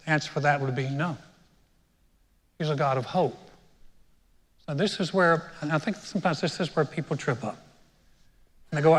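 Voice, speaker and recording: A hoarse man preaching a conversational sermon as pastor, joking and talking straight to his congregation in a church. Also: a little high, animated, fairly quick, pauses often. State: hoarse, sounds sick. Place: church sanctuary. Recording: long hall reverb.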